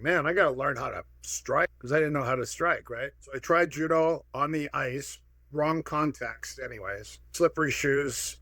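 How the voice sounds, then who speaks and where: Guest in his sixties from Minnesota; animated anecdote-teller, dry close sound, mid-range voice. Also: mid-range voice, no room sound. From Minnesota, USA. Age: 60s. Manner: lively anecdotal, acts out quoted dialogue. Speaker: guest, martial arts pioneer. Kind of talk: casual storytelling.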